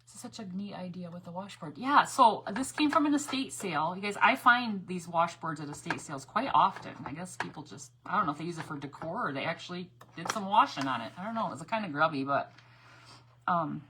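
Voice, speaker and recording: A woman's voice: fairly low pitch, noisy background. A woman chatting casually with viewers as she paints on a craft livestream, reading their comments aloud.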